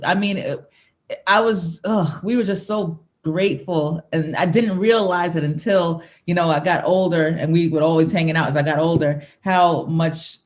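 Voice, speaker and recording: A woman in her thirties, a singer talking as an interview guest, reminiscing casually, laughing often and restarting her sentences. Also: fairly low pitch.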